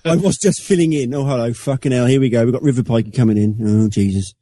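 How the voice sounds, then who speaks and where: A man's voice: mid-range voice, quick pace, mellow. A man hosting a podcast, rambling and swearing with self-deprecating humor. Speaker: podcast host. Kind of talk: casual chat.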